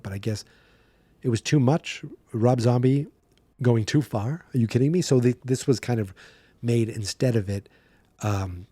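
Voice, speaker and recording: A man hosting a horror movie podcast, recapping a film in a chatty, animated way and slipping into quick voices for the characters. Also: medium pitch, dry recording.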